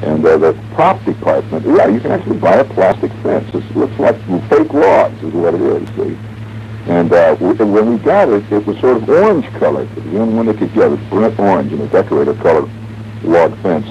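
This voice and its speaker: Speaking low and dark, fairly fast and very animated, this Midwestern radio host in his forties rambles through a wry late-night story, breaking into hummed melodies and sound effects. The studio-mic recording is an old 1970s broadcast, muffled and dull, with light hiss underneath.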